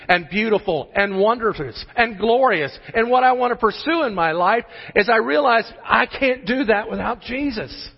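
Emphatic high-voiced male preacher. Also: animated, normal speed, creaky, hardly any pauses, husky. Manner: emphatic preaching with repeated rhetorical questions. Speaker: pastor. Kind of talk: sermon. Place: church sanctuary. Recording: muffled sermon audio in a large hall.

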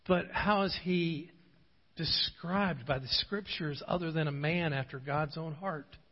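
A man preaching a sermon, at times pleading with rising intensity, at times telling a relaxed story. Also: a little high, unhurried. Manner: passionate, swelling to pleading intensity in prayer passages. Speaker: pastor. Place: church sanctuary. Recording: dull audio with long hall reverb.

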